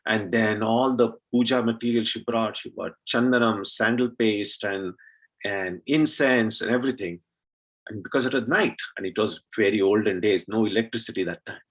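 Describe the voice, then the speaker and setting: Husky guy from india telling a temple story, lots of uh's, takes his time. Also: lowish voice, a bit bright, rough recording. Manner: unhurried telling with frequent uh fillers. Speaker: speaker at a temple celebration. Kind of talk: devotional storytelling.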